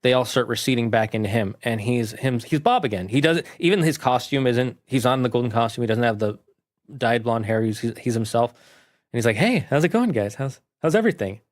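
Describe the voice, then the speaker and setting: A man reviewing a movie, casually retelling its plot in a rambling, animated way. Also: mid-range voice, a little fast.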